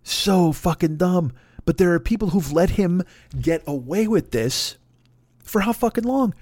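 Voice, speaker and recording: A man rants on a podcast, swearing freely and mocking the people he talks about, now and then putting on their voices. His voice sits a little high for a man. The recording is dry and close, with no room sound. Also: animated, unhurried, no room sound. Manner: loud, sweary, mocking, acts out other voices. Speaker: podcast host. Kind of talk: profane political rant.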